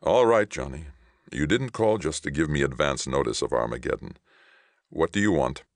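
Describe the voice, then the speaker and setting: A man reading as a gruff, weary leader. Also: rumbling low, expressive, normal speed, no room sound.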